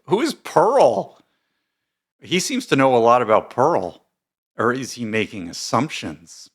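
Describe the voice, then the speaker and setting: A man's voice: medium pitch, a bit bright. A man hosting casual commentary, reading posts aloud with bemused, rambling asides and many fillers. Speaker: commentary host.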